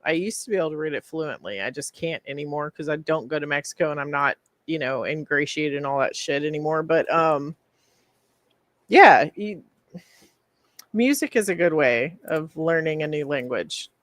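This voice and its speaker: A woman co-hosts a podcast in relaxed chat, teasing and quick to laugh. Her voice sits a little low. The recording is close and dry. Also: no room sound. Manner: chatty and teasing, laughs easily. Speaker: podcast co-host. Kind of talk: casual chat.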